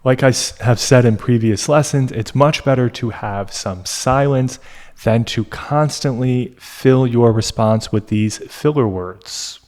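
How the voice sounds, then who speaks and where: Man, English test tutor, unhurried pace, mid pitch, teacherly and deliberate. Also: darkish tone. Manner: slow, deliberate, teacherly with pauses. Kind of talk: explanatory lesson.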